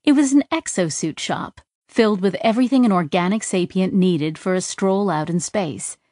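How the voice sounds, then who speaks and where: A woman reads an audiobook in a steady, measured storytelling style. Her voice sits in the mid range, and the studio-quality recording has no room sound. This is scripted narration.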